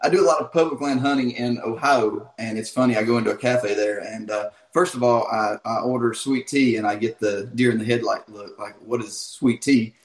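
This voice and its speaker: A man with a thick North Carolina Southern accent chats as a guest, relaxed and rambling through his stories. His voice sits in the middle range. The line sounds roomy and echoey. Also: medium pitch, fairly quick, few pauses. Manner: easygoing, many "uh" fillers, storytelling. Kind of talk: casual interview on a call.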